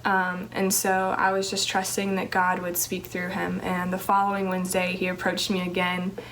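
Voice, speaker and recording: A woman's voice: on the low side, completely flat delivery, moderate pace, a bit bright, a little hiss or hum, rough recording. A young woman telling an earnest personal testimony about her calling, with many fillers and restarts. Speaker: teacher sharing a ministry calling testimony.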